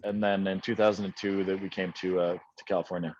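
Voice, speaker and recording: A man's voice: low voice, flat delivery, fast talker, darkish tone, slight background noise. Man in his thirties on a dull line. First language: not English. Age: 30s. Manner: rambling, frequent restarts and fillers. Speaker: guest. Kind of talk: casual podcast chat. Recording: dull dry sound.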